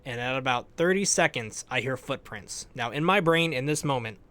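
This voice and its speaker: Young male gamer, casual animated recap voice, middle pitch, phrases trailing off. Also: normal speed. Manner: animated storytelling, laughs often, trailing off quieter at ends of phrases. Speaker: gaming YouTuber.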